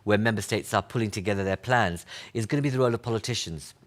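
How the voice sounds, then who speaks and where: A man moderating an online panel, brisk and prompting his guests with pointed questions. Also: fairly low pitch. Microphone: video call.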